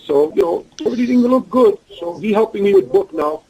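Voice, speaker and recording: In a phone interview, a male guest with a Russian accent tells rambling anecdotes in broken English, doing animated voices for quotes. His voice is very high-pitched, husky, and fairly quick with vocal fry, and the recording is rough.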